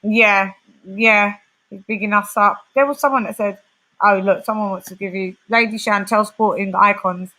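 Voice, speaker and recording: A woman, co-hosting a casual chat stream, chatty and quick to laugh, reading out viewer comments as she goes. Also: mid-range voice, fairly even intonation, sharp tone, poor audio. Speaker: co-host.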